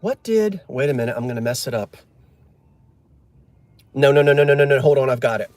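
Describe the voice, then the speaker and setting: A man's voice: medium pitch, lively intonation, a little fast, darkish tone, no room sound. A man chatting casually on a live stream, joking and answering viewer comments. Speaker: livestream host.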